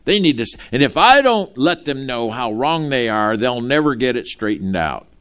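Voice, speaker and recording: A man preaching a sermon from Ohio, animated and folksy, calling out to his congregation. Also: mid-range voice, moderate pace, slight background noise. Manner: animated, talks straight to the congregation with folksy asides. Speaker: pastor.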